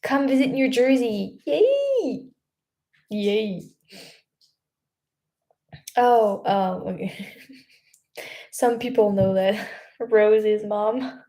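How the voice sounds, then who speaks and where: Young woman, French accent, mellow warm voice, casual livestream chat, reads comments, laughs often. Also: mid-range voice, steady tone, drawn-out words, pauses often. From France. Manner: chatty, laughs often, many fillers and restarts. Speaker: vlogger hosting a livestream.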